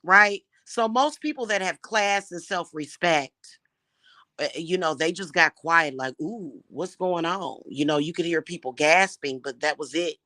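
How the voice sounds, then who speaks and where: A woman's voice: lowish voice, unhurried, pushed and bright, no room sound, studio quality. A woman giving blunt love advice in a casual monologue, emphatic and swearing freely.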